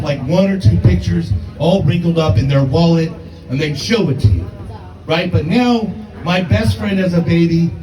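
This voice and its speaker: A man's voice: on the high side, mellow, roomy sound, distant mic, low-quality recording. A man in his fifties doing a brash, profane, self-mocking stand-up comedy set in a comedy club. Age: 50s.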